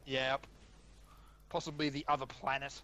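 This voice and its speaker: A man's voice: medium pitch, flat delivery, unhurried, bright, forceful tone. A man in a casual gaming voice chat, tossing in wry jokes over a headset. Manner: wry, joking asides. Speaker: gamer on voice chat.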